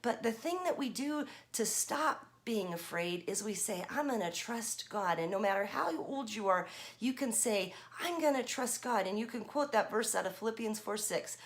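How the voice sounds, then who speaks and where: A woman's voice: medium pitch, lively intonation, moderate pace. A woman in her fifties, a children's pastor, reading a picture book aloud and asking the kids questions. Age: 50s.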